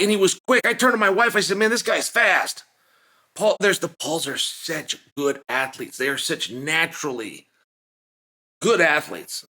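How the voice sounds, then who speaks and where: Middle-aged male host, casual fight analysis, high bright voice, emphatic and repetitive. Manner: energetic, emphatic, repeats phrases. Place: closet at home.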